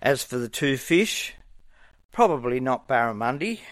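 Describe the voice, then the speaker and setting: Slow, earnest preacher. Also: male voice, medium pitch, sing-song, a bit bright, dry recording. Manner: measured, earnest, acts out quoted voices. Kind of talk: sermon.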